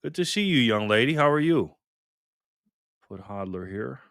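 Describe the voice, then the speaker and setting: A man runs a casual live stream, warmly greeting viewers by name and thanking them for tips. His voice sits at an ordinary middle pitch. The sound is close and dry with no room echo. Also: animated. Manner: upbeat, reads chat names aloud with quick thanks.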